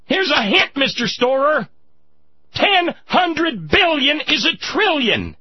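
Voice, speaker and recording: A man giving impassioned political commentary, sarcastic and indignant, rising to shouts. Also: very high voice, sing-song, slow, dry recording, lo-fi sound.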